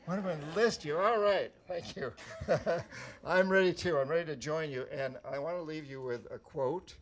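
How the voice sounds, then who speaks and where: A man's voice: a little high, moderate pace. An older man from New Hampshire giving a rousing speech, telling stories and firing questions at the audience. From New Hampshire, USA. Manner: storytelling, rousing, addresses the crowd with questions. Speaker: author giving a talk. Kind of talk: motivational speech to a live audience.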